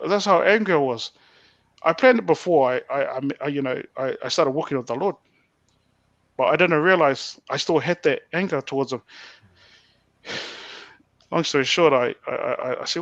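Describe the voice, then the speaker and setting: A man telling a personal story as a podcast guest, animated, stumbling over restarts and swearing bluntly. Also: a little high, normal speed, pauses often, no echo. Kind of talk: personal storytelling in a casual interview. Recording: dull lo-fi, dry sound.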